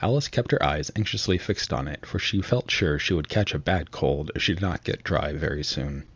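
A man giving measured audiobook narration of a classic storybook. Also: extremely low pitch, fairly bright tone, breathy edge, no room sound, muffled recording.

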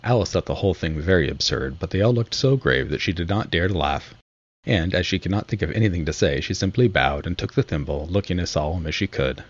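Male audiobook narrator: very low, husky, measured; lo-fi recording. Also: expressive. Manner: measured storytelling.

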